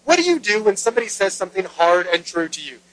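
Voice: mid-range voice, very animated, fast, a bit bright, low-quality recording. A pastor giving a sermon in a conversational way, retelling a story with rhetorical questions.

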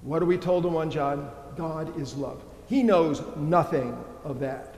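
A man preaching a sermon in a church, emphatic and animated, asking the congregation rhetorical questions. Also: fairly high pitch, measured pace. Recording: echoey church hall.

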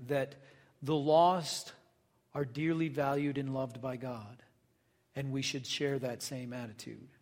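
A male pastor giving a conversational sermon, reading scripture aloud and asking the congregation questions. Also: on the high side. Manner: conversational preaching, reads scripture then asks the congregation questions. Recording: long hall reverb.

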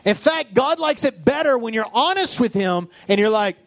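A male pastor preaching a sermon with passion, building up and then dropping into soft, low asides. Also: expressive, moderate pace, vocal fry, no room sound. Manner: impassioned preaching with sudden soft, low drops.

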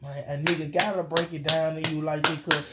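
A man chatting loudly and boastfully in heavy slang, repeating his catchphrases with excitement. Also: a little high, a little fast, very noisy. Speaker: podcast guest rapper. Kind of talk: loud boastful casual chat.

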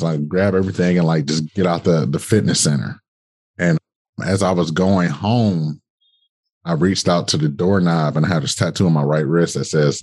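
Brief: young male podcast guest, low husky voice, casual profane storyteller. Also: moderate pace. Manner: animated, colloquial, swearing, acts out dialogue.

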